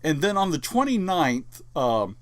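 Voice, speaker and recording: A man's voice: on the high side, sing-song, unhurried, no room sound. A man giving sarcastic, incredulous commentary while reading a document aloud for his online audience. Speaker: YouTuber.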